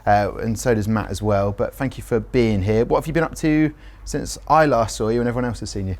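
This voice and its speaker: A man's voice: fairly low pitch, a little fast. A man hosting a football matchday show, teasing his co-host and hyping up guests. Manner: playful, teasing, excitable. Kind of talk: lively matchday show presenting.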